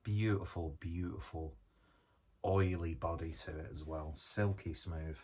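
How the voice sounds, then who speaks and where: A deep, husky-voiced man talks through a beer tasting in loose, rambling chat. He cracks self-deprecating jokes and swears casually as he goes. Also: fairly even intonation, moderate pace, darkish tone. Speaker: beer reviewer.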